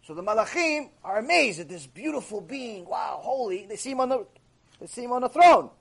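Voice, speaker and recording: Guy teaching a torah class, high voice, animated and repeating himself. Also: fairly quick, gravelly. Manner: animated, repetitive, acts out quoted voices. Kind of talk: recorded mussar lecture.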